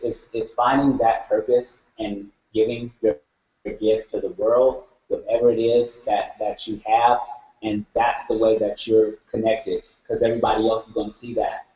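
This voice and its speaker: This man's voice is lowish and a little mellow as he speaks earnestly during a heartfelt group share. He gropes for words and says things more than once, recorded in an echoey room with a dull sound.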